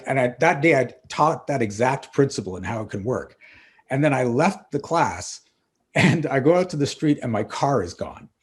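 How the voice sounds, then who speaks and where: A middle-aged man, a coach and author, guesting on a podcast and telling lively stories, acting out the dialogue. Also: medium pitch, husky. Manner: animated storyteller acting out dialogue. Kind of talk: casual interview storytelling.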